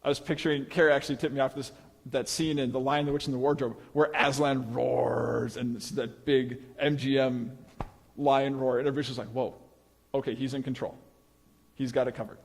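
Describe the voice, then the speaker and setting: A man delivers a relaxed, conversational sermon, slipping into quoted voices as he goes. His voice sits in a middle pitch. The sound carries the long reverb of a live hall. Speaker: preacher. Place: church hall.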